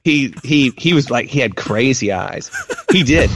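A man in his thirties telling a story on a podcast, animated and mimicking a child in a high voice. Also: unhurried. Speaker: podcast co-host. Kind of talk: casual storytelling chat.

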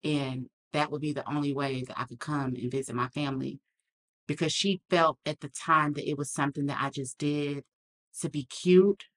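A woman's voice: low-pitched, steady tone, normal speed. A woman talking candidly as a podcast guest, earnest and reflective, acting out the lines of others in her story.

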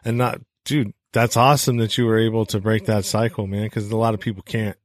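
A man's voice: lowish voice, little pitch movement, a little fast. A man hosting an interview, casual and supportive in his replies.

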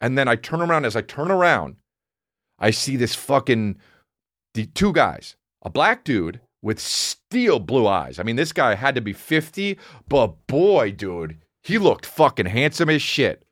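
Brief: male comedian, 30s, casual profane storyteller, very animated delivery, dry close mic. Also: mid-range voice, measured pace, no echo. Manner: profane, animated, swings between mumbling and shouting.

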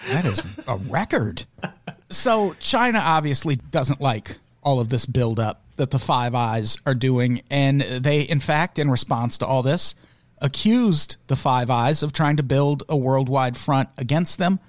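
A man's voice: medium pitch, animated, measured pace, no echo. Podcast host, male, dry sarcastic delivery, swears freely, close dry mic. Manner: sarcastic, profane, laughs mid-sentence. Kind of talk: casual comedic news chat.

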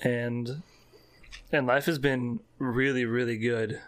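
A man's voice: mid-range voice, steady tone, slow, a bit bright. A man hosting a podcast in casual chat, talkative and exclamatory. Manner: chatty, exclamatory. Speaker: podcast host.

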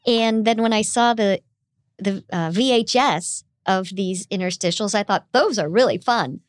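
A woman's voice: mid-range voice, unhurried, no echo, clean studio sound. A middle-aged woman voice actor with a youthful, girlish-sounding voice, chatting animatedly as an interview guest. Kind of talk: casual interview chat.

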